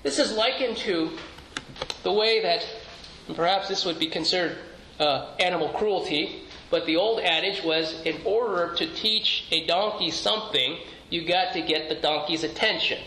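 Speaking at a normal speed, this male pastor has a high voice that sounds pushed and bright. He preaches earnestly and conversationally in a church sanctuary, asking rhetorical questions and restarting phrases, with the recording echoey and faintly noisy.

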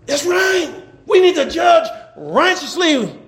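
A man preaching a sermon as pastor, animated, laughing and shouting at times. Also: very high voice, slow, creaky, reverberant. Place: church.

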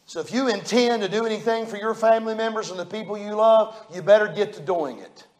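A middle-aged pastor preaching with a high, ringing voice. He talks in a folksy, plain-spoken way and swings between quiet, close passages and loud, fervent peaks. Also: quick pace. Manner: preaches with rising fervor, folksy and emphatic. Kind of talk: sermon.

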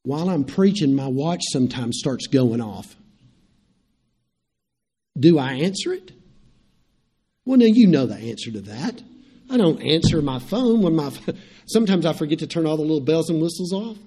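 A man's voice: fairly high pitch, lively intonation, moderate pace, long pauses, mellow, husky. A middle-aged man, preaching a sermon in a conversational way, repeating phrases and turning to the congregation with asides. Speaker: pastor.

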